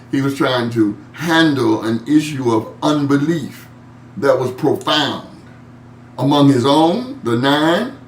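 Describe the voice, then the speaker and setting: A man teaching a Bible study in a loose, conversational way. He chuckles often, repeats words as he looks for his point, and reads scripture aloud before commenting on it. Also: mid-range voice. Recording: echoey room, mic at a distance, faint hum.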